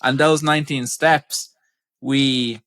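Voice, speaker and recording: Man, podcast host, bright forceful tone, rambling casual chat. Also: medium pitch, steady tone, slow pace. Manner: rambling, lots of fillers.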